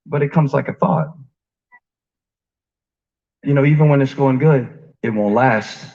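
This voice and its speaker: A man preaching a conversational sermon. He asks the congregation questions, jokes with them, and shifts between quiet stretches and rising emphasis. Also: mid-range voice, a little slow, gravelly. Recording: dull lo-fi sound.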